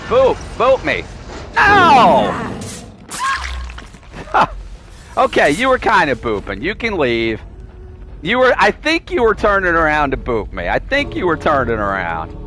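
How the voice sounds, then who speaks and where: A man's voice: fairly high pitch, sharp tone, slight background noise. A man giving playful, teasing live commentary while streaming a game, sometimes pleading with other players.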